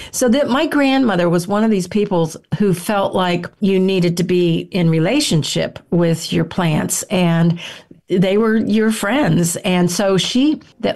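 An older woman speaks as an interview guest, her voice on the low side for a woman. She tells her stories in a loose, rambling way, full of restarts and "you know"s. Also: darkish tone. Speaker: guest herbalist and author. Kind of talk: casual storytelling interview answer.

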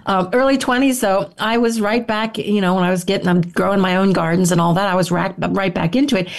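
An older woman, a guest herbalist, telling stories in a relaxed interview, rambling with frequent restarts. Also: medium pitch, brisk. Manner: warm, rambling, with frequent self-restarts and "you know". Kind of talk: casual storytelling interview answer.

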